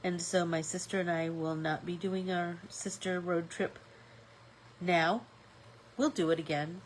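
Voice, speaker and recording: A woman's voice: on the low side, fairly even intonation, measured pace, a little hiss or hum, low-quality recording. A woman with a stuffy nose hosting a live-stream art class, chatting casually and thinking aloud with fillers as she paints.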